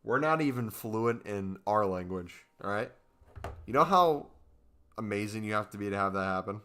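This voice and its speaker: A man's voice: fairly low pitch, animated, normal speed, fairly bright tone, clean tone. A young American man chatting casually on his gaming live stream, joking and reading out questions from chat. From United States. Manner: chatty, jokey, reads chat aloud.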